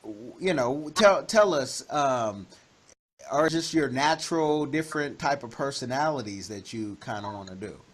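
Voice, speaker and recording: Animated rambling male interviewer. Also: medium pitch, normal speed, a little hiss or hum. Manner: rambling questions with many fillers. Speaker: interview host. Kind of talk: casual interview questions.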